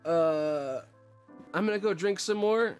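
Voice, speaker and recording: A man's voice: sits high, slow, faint music behind, pitched above the performer's own voice. A man voicing a chummy, hard-drinking male recruiter who rambles in salesman patter.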